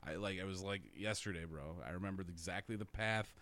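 A man's voice: sits low, fairly quick, a bit bright. A young man telling a rambling story in casual chat, swearing constantly and laughing through his own stories.

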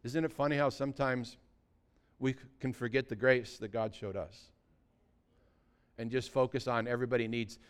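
A man preaching a sermon, telling a scripture story with lively asides and acted-out quotes. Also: medium pitch, normal speed, pauses often, smooth. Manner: animated storytelling, acting out quotes. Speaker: pastor.

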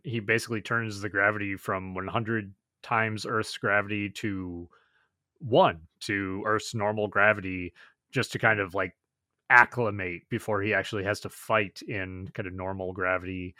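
A man co-hosting a podcast, chatting casually about episodes, excitable and swearing freely. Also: on the low side, measured pace, dry recording, clean studio sound. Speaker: podcast co-host. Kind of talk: casual episode review chat.

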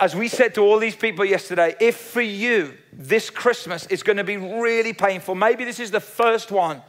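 A man preaching a sermon in an earnest, emphatic style, often repeating key phrases. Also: high-pitched. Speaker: pastor.

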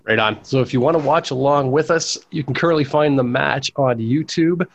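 A man's voice: mid-range voice, fairly quick, vocal fry, dull audio. A man hosting a wrestling podcast, chatting casually and laughing easily. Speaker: podcast host.

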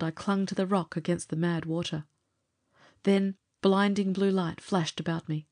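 A woman narrating a pulp adventure story for an audiobook in a measured, steady way. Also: on the low side.

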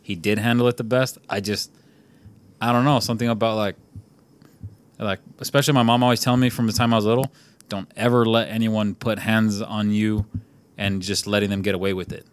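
A man's voice: on the low side, steady tone, fast, smooth. A young man hosting a podcast, talking loosely and profanely and rambling with plenty of "like" as he chats with friends. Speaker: podcast host. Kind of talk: casual podcast chat.

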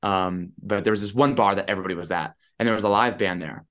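A man's voice: lowish voice, quick pace. Chatty man telling a story. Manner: animated, chatty, lots of "I'm like". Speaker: podcast guest. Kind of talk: casual storytelling.

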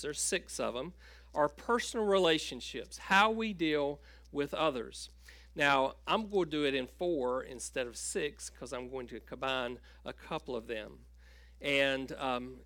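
A man preaching a sermon at an unhurried pace, in a bright, forceful voice. He stops and restarts often with fillers. The sound is dry and close. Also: on the high side, no echo. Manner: halting, with many fillers and restarts; storytelling with a joke. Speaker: pastor.

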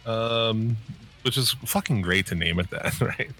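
Bright-voiced man swearing casually. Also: mid-range voice, normal speed, soft background music. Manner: loose, laughing, swears a lot. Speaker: podcast co-host reviewing horror shorts. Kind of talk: casual profane chat.

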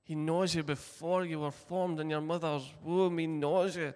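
A man preaching a sermon, retelling a story and acting out its voices, moving between loud, passionate lines and hushed ones. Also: fairly high pitch, steady tone, moderate pace, hardly any pauses. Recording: long hall reverb.

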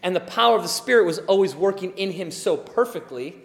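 A man in his forties preaching a sermon as pastor, animated, acting out little scenes and dropping to soft murmurs. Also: sits high, fairly quick, creaky, big-room sound. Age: 40s.

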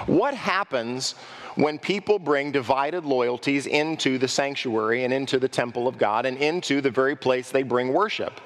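A male pastor delivers a sermon from a church sanctuary, his mid-range voice ringing with long reverb through the hall. He asks his congregation questions and now and then mimics worshippers in quick asides. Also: medium pitch. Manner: preaching with rhetorical questions to the congregation.

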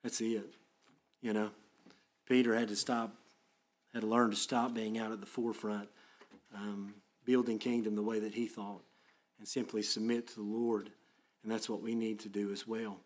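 Earnest low-voiced male pastor preaching. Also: flat delivery, moderate pace, long pauses. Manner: earnest, plain-spoken preaching that turns to quiet prayer. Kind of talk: sermon.

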